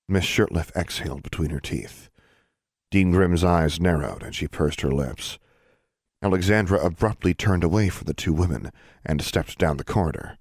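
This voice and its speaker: A male narrator reads a story in a steady, even voice. His tone is very low and somewhat husky. The recording is dry and close, with no room around it. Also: moderate pace, no echo. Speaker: audiobook narrator. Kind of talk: scripted narration.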